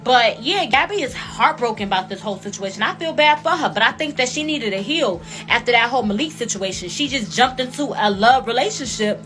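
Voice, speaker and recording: High, bright-voiced woman in her twenties. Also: lively intonation, brisk, hardly any pauses, faint music behind. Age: 20s. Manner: emphatic, repeats points for effect. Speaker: commentary channel host. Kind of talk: casual reaction commentary.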